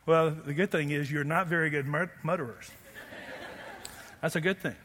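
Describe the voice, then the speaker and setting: A man preaching a sermon as pastor, animated and playful, quizzing the congregation. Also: on the high side, normal speed, a little hiss or hum. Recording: long hall reverb.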